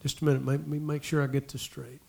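A man preaching a sermon, talking to the congregation in asides and repeating lines as he builds to loud exhortation. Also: mid-range voice, level tone, fast talker, gravelly. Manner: impassioned, repetitive preaching that swells to loud exhortation. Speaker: pastor.

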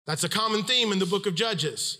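A man's voice: brisk, bright, forceful tone. A middle-aged man preaching a sermon, retelling a scripture story and acting out the voices of its people. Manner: storytelling, acts out quoted voices with pitch swings.

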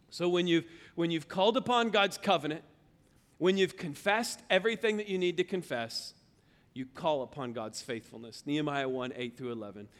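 Guy preaching, kinda high voice, goes from yelling to real quiet, big echoey church. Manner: animated storytelling, shouting in retold anger, hushed in remorse. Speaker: pastor. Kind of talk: sermon. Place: church sanctuary. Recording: reverberant church hall.

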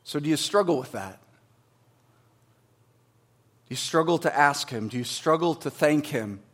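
A middle-aged man delivers a sermon from the pulpit in a high, light voice. He preaches with animated energy, pushing some lines out loud and dropping others to a near hush. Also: unhurried. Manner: animated preaching, swings from loud emphasis to hushed asides. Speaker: pastor.

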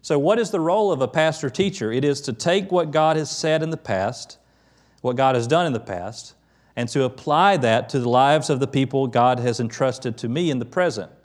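A middle-aged pastor giving a conversational sermon, quick to lift his voice when quoting the prophets. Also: mid-range voice.

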